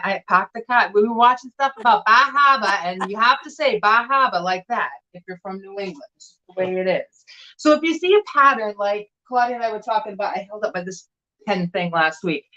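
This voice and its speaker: A woman's voice: medium pitch, fairly bright tone, dull audio. A woman co-hosting a casual live sale stream, chatting animatedly as she shows items. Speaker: vintage glass seller and co-host.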